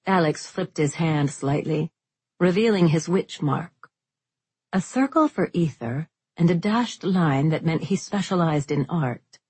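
Female audiobook narrator, low and husky, measured; dry studio sound. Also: darkish tone, no room sound. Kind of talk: scripted fantasy narration.

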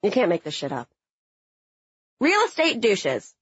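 A woman's voice: mid-range voice, a little slow, breathy edge, no room sound, lo-fi sound. Sarcastic young woman telling a comic story. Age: young adult. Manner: sarcastic, animated and blunt. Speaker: narrator. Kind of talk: comedic personal storytelling.

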